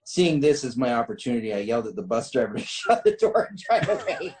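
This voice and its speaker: Guy reading a story out loud on a chat show, voice jumps around a lot, keeps cracking up. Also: medium pitch, fast talker, noisy background. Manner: lively, breaks into laughter while reading. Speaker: host reading a listener story. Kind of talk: reading a story aloud with laughter.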